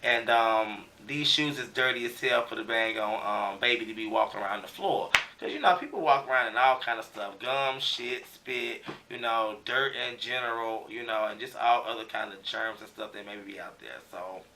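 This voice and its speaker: A man's voice: on the low side, moderate pace, few pauses, sharp tone, slight background noise. Guy rambling through a tv recap, slangy, lots of um and you know, sounds kinda far off the mic. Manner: loose slangy storytelling with many fillers. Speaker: TV show recap reviewer. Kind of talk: casual recap commentary.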